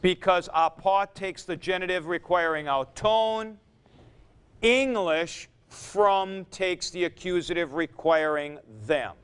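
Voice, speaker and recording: A man gives a Greek grammar lecture at an unhurried, deliberate pace, with a smooth, clear tone. He keeps stopping to correct himself and goes back over the key points. His voice sits a little high for a man. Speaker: Greek teacher.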